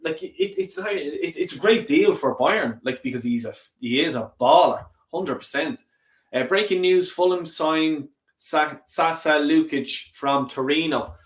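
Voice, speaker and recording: A man hosting a football fan live stream, reading viewer comments in a lively, sweary way. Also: fairly high pitch, a little slow, roomy sound. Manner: animated and sweary, rants and laughs often. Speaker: football fan channel host.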